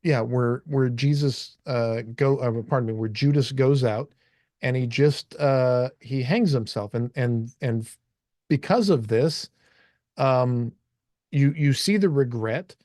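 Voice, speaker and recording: A man's voice: medium pitch, slow, a little mellow, dry recording, clean studio sound. A man co-hosting a casual discussion, talking in a loose, rambling way and acting out quoted dialogue as he goes. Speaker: co-host.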